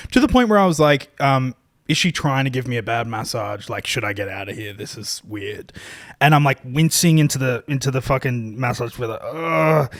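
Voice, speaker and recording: A man's voice: medium pitch, no room sound, studio quality. A man co-hosting a podcast, telling a long, rambling, self-deprecating story in a casual, profane way, full of restarts. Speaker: podcast co-host.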